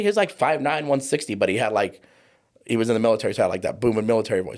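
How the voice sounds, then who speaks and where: Expressive, fast, and gravelly at a medium pitch, this man in his forties is a trauma coach guesting on an interview show. He recounts a personal story with vivid flair, performing the voices of those he quotes.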